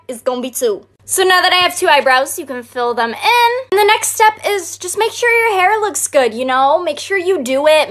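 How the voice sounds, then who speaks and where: A woman's voice: very high voice, a bit bright. A woman playing a cocky teen girl giving a slangy get-ready tutorial in a comedy sketch. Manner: sassy, slangy, showing off.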